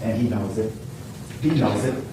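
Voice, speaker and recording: A man from New Orleans giving a loud, emotional closing argument as a defense attorney, building rhetorical lists. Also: on the low side, moderate pace, background noise. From New Orleans, USA. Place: large courtroom. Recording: echoey distant courtroom feed.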